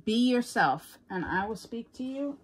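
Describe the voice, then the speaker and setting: A woman with a New York accent talks casually to her viewers while she crafts. She rambles through stories and laughs often, with a voice sitting slightly higher than most. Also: expressive, measured pace, husky. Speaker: crafting vlogger.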